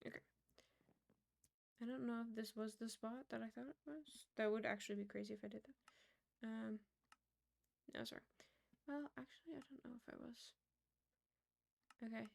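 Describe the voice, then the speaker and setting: A woman's voice: fairly high pitch, vocal fry. A young woman in her twenties streaming a building game, chatting casually and muttering counts under her breath.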